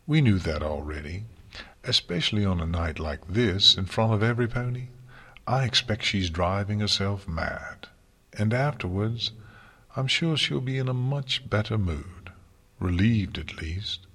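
A gentle, ancient pony princess from a storybook, read by a man. Her voice is low, slow and husky with a tense brightness, soft and measured in its fondness. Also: lively intonation, heavily acted. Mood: fond.

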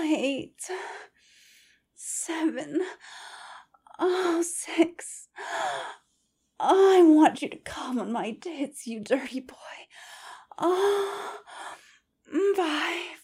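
This whispered role-play features a flirtatious, teasing lecturer, played by a woman. Her voice sits a little high and comes out airy and breathy. She lingers over every word at a very slow, unhurried pace. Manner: slow, breathy, sultry murmuring with soft sighs.

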